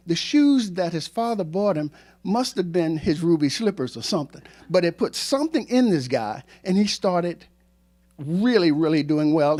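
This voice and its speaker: A man in his sixties, a former teacher and coach, telling a true story to a live audience in an animated, joking way with self-mocking asides. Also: high voice.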